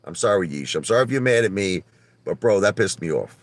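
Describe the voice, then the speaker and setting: Speaking briskly in a Brooklyn New York accent, a man livestreams a casual rant from his car. He swears freely and stays animated, swinging from loud blasts to quiet mutters.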